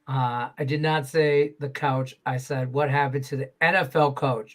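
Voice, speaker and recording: A man's voice: fairly high pitch, lively intonation, a little slow, fairly bright tone. Joking sports betting host, a man. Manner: loose, joking, swears casually. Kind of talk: casual sports betting chat.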